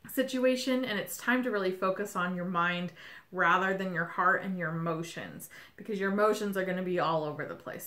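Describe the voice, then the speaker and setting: A woman's voice: medium pitch, bright, forceful tone. A woman giving a casual tarot reading, talking in a reflective, reassuring way with frequent fillers. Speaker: tarot reader. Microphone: home video setup.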